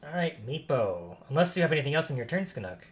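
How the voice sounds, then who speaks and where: A man's voice: on the high side, big pitch swings, fast. A man running a tabletop game as dungeon master, narrating with laughter and energy.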